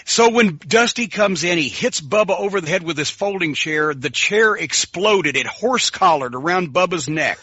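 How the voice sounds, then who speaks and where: High-pitched, animated man telling stories. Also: normal speed, few pauses, husky, dry recording. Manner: animated, profane storyteller who acts out quotes. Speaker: podcast co-host. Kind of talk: casual storytelling. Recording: dull lo-fi sound.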